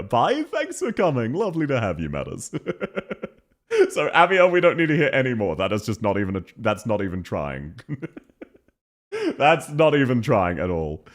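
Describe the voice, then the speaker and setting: A man's voice: medium pitch, a bit bright. An Australian man chatting on a livestream, laughing often and greeting viewers by name. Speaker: streamer. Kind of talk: livestream commentary.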